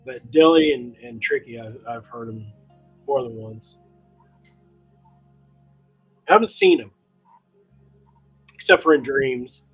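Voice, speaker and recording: A man's voice: mid-range voice, measured pace, pauses often, husky, poor audio. Easygoing man hosting a talk stream. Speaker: host. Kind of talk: casual chat. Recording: faint music behind.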